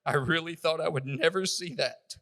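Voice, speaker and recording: A man giving a personal church testimony, halting and emotional, stumbling over his words. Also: on the high side, bright, forceful tone, big-room sound.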